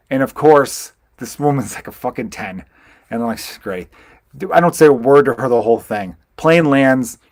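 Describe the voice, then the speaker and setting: A male podcast host, chatting casually at a medium pitch. He rambles through stories and swears freely. His voice is close and dry, with no room sound. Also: no room sound. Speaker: podcast host, stand-up comedian. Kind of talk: casual chat.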